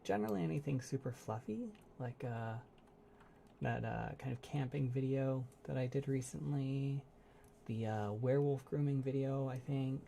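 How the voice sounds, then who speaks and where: A man who makes ASMR content, hosting a casual livestream chat, soft-spoken and rambling, laughing often as he answers chat. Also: mid-range voice, moderate pace, gravelly, a little hiss or hum.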